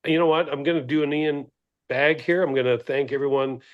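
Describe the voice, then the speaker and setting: A man's voice: a little high, fairly even intonation, fairly quick, highs cut off. Middle-aged man rambling through a story. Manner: meandering, self-interrupting anecdote teller. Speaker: podcast co-host. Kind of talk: casual podcast chat.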